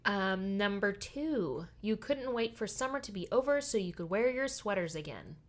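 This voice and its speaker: A woman reading quiz statements aloud during a casual chat. She has a brisk, matter-of-fact delivery, and her voice sits at an ordinary middle pitch. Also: expressive. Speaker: co-host.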